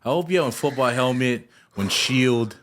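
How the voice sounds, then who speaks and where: A man hosting a podcast chimes in with brief, supportive remarks. His voice sits at a middling pitch. A faint hiss stays under it. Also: normal speed, fairly bright tone. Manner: supportive short interjections. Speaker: podcast host. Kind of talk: casual interview chat.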